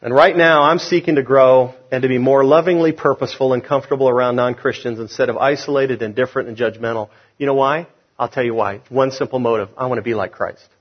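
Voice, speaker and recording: A man's voice: medium pitch, breathy edge. A man preaching a sermon as pastor, emphatic and drawing responses from the congregation. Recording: dull lo-fi sound.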